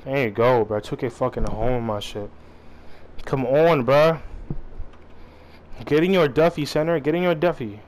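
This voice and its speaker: A young man calling out plays to his teammates while gaming, excitable and profane, barking quick instructions. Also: mid-range voice, rough recording. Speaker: gamer playing online. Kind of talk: live gameplay commentary.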